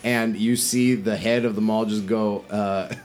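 A man narrating as game master in a tabletop game, relaxed and rambling. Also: lowish voice, unhurried.

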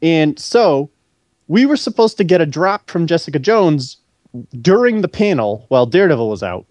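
A man telling a long, animated story on a podcast, swearing freely and acting out what others said along the way. His voice sits fairly high and comes through dry and close to the mic. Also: moderate pace, dry recording. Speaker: podcast co-host. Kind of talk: casual storytelling chat.

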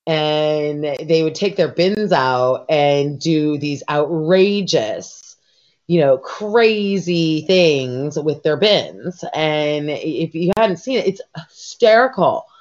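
A woman's voice: deep voice, animated, takes it slowly, a little mellow. Rambling, foul-mouthed woman co-host. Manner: rambling, profane, many fillers. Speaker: podcast co-host. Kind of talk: casual chat. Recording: dull lo-fi recording.

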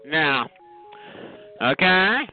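A man's voice: on the high side, very animated, extremely slow. A man hosting a call-in show, sassy and cutting as he roasts a caller, calling people honey and child. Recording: tinny phone line with crowd noise.

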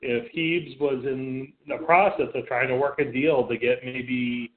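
A man's voice: mid-range voice, steady tone, measured pace. A man co-hosting a radio show, talking sports in a blunt, profane way with many stammered restarts. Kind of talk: casual sports talk. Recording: phone-like lo-fi sound.

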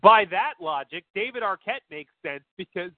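A man's voice: high voice, expressive, moderate pace, dry recording. A man co-hosting a podcast, rambling casually with lots of fillers and profanity. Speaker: podcast co-host. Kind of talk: casual chat. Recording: tinny phone-like line, dry.

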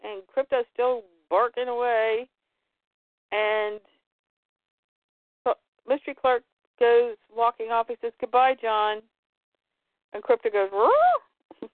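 A woman's voice: a little high, flat delivery, measured pace, pauses often, no room sound. A woman co-hosting a casual podcast, retelling a comic book story and quoting the characters in lightly changed voices. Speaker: podcast co-host. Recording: dry, phone-like line.

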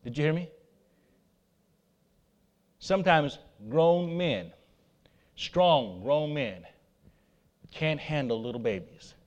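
A man preaching a sermon, swinging between loud emphatic declarations and quiet asides to the congregation. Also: fairly high pitch, expressive, takes it slowly, pauses often. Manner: laughs at himself, talks to the congregation. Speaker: pastor.

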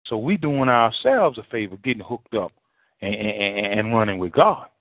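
A man's voice: fairly low pitch, lively intonation, moderate pace, dry recording. A male pastor preaching a sermon in a folksy, repetitive way, full of rhetorical questions. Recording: tinny phone-line sound, dry.

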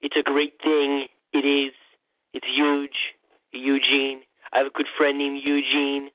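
A man's voice: medium pitch, completely flat delivery, slow pace, no echo, lightly acted. A man putting on a boastful, rambling old male politician parody in a comedic impression monologue, stammering and repeating himself. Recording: tinny phone-like dry sound.

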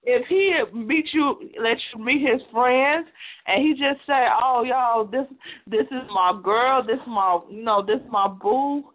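Woman co-host, lively slangy chatter, slightly high voice, thin phone-like audio. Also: slow pace. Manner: laughing, animated, slangy. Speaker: radio show co-host. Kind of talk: casual chat. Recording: tinny phone-like sound.

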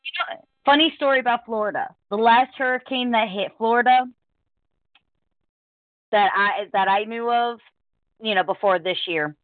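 A woman hosting a podcast in casual chat, talkative and quick to laugh as she tells stories. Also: on the high side, no room sound. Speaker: podcast host. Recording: dry, tinny phone-like sound.

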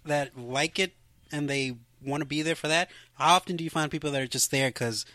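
A man's voice: on the high side, a little fast, pushed and bright, no echo. A man co-hosting a casual podcast chat, curious, asking lots of questions and laughing often. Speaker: podcast co-host.

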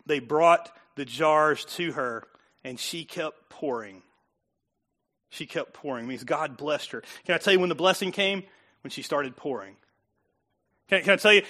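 A middle-aged pastor delivers a sermon in a church with a high, bright voice. He talks conversationally, pushing some lines out loud and dropping others to near-murmured asides. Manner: conversational preaching, swings from loud emphasis to quiet asides.

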